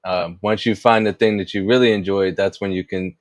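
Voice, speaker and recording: A man's voice: low-pitched, steady tone, a little fast, no echo. A man in casual podcast chat, easygoing and earnest. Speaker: podcast guest.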